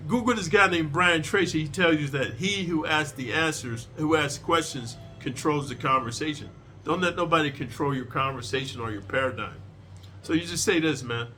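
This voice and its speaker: A man's voice: on the high side, a little fast, bright, forceful tone, a little hiss or hum. A man telling a prison story in a casual, profane, streetwise way, lecturing his listeners.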